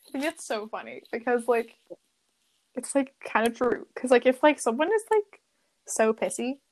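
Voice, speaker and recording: A woman's voice: on the high side, animated, normal speed. A teenage girl chatting with her friend in a slangy, laugh-filled way. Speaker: guest. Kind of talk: casual chat.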